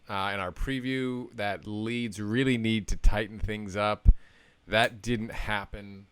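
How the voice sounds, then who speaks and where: A man's voice: on the low side, a bit bright, clean tone, no room sound. A young man co-hosting a casual football chat, with dry joking asides. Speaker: podcast co-host.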